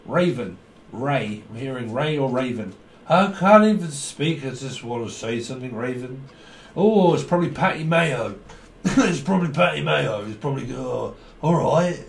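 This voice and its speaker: A man's voice: medium pitch, expressive, moderate pace, creaky, roomy sound, slight background noise. A man doing a tarot reading, rambling and jokey, often giggling. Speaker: tarot reader.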